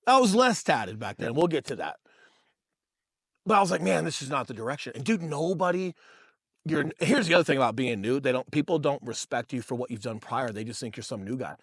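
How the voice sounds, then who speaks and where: With a mid-range voice, lively intonation and a brisk pace, a man in his thirties tells stories on the podcast he co-hosts. A real estate agent by trade, he keeps it casual and profane, calling people dude and bro, and the clean studio sound has no room tone.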